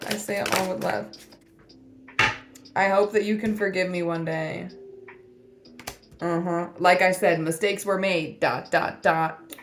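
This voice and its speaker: A woman's voice: lowish voice, fairly even intonation, measured pace, pauses often, background noise. A woman giving a casual spiritual reading to camera, blunt and teasing, swearing often as she delivers tough love. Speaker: tarot reader.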